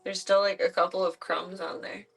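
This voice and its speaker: A woman's voice: fairly low pitch, little pitch movement, normal speed, creaky, a bit bright. Doting woman streamer, playful baby talk. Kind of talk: casual chat to her pet. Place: at home, outside her stream room.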